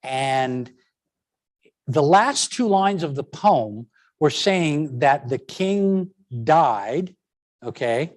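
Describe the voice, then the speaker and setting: A man's voice: a little high, very slow. A man giving a lecture presentation on education and language, stressing words to make his points. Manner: animated, stresses words to demonstrate.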